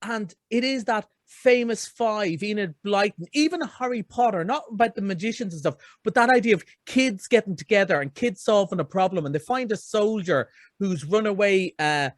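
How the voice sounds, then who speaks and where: A middle-aged man with a notably high voice talks through a film review in a chatty, enthusiastic ramble. The sound is close and dry, with no room around it. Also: normal speed, few pauses, dry recording. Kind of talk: casual radio chat.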